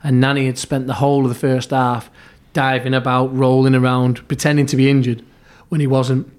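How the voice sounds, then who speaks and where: Middle-aged man telling lively anecdotes. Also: mid-range voice, a little fast. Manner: lively storyteller, acts out quoted lines, frequent restarts. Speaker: podcast guest, former football club therapist. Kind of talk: anecdotal storytelling in an interview.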